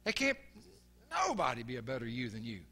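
An older man preaching a sermon in an earnest way, often repeating his words and softening to a low murmur when quoting. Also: wildly swooping pitch, fairly quick.

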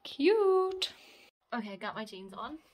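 At home indoors, a young mother vlogs in casual chat, now and then slipping into sing-song baby talk. Her voice is medium-pitched and her speed normal.

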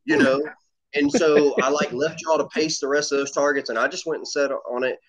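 A man's voice: a little high, steady tone, a little fast, over a noisy crowd. A man chatting casually as a competitive shooter guest, telling stories in a rambling way with swearing and lots of fillers. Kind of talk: casual podcast chat. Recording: dull lo-fi audio.

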